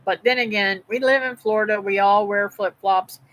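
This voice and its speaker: Poor audio carries this middle-aged homestead livestream host's mid-range, fairly bright voice, steady in intonation and at normal speed. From home, she tells her viewers a rambling, chatty, folksy story.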